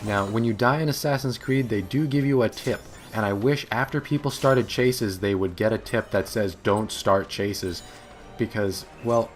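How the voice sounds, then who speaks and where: A young man giving amused, sarcastic voice-over commentary on his own video game match, recorded in a home office. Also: lowish voice. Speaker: gaming commentator.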